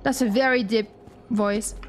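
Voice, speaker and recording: A woman streamer giving first-time gameplay commentary, excitable, laughing and swearing often as she talks to her chat. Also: on the high side, unhurried, background noise. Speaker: gaming streamer.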